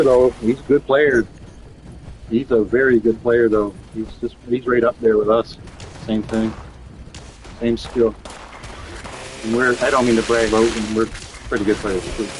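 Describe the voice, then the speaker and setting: A man talking loosely over a game session, circling back on his own words and cursing freely. His voice sits at an ordinary middle pitch, with a faint hiss of background noise behind it. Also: fairly even intonation, takes it slowly, pauses often, poor audio. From Canada. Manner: rambling, profane storytelling with many restarts. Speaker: streamer chatting while gaming. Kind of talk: casual chat.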